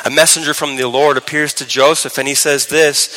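A man preaching a sermon as pastor, shifting between emphatic raised lines and soft, low, tender passages and slowing on key words. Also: steady tone, a little hiss or hum, low-quality recording.

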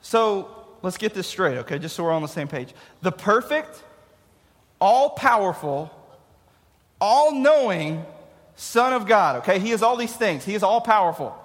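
Youth pastor, male, high voice, jokey, laughs at his own jokes, long hall echo. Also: expressive, measured pace. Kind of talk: casual youth sermon.

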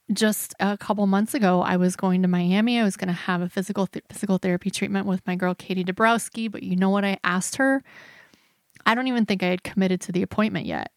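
A woman hosting a podcast, telling a personal story in an animated, self-deprecating way, talking closely into the mic. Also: mid-range voice, no echo, clean studio sound. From United States. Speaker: podcast host.

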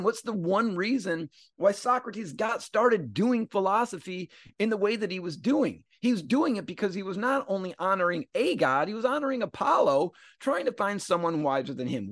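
A man's voice: high voice, no room sound, clean studio sound. A man hosting a casual philosophy podcast, explaining a text and playfully acting out the quotes. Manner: animated, paraphrases quotes in a playful voice. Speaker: podcast host.

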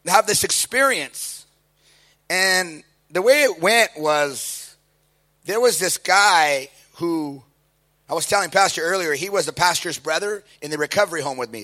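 A middle-aged preacher tells his testimony in an animated way, slipping into the voices of the people in his story. His voice sits a little high for a man, and he swings from quiet asides to loud, excited peaks. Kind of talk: sermon testimony.

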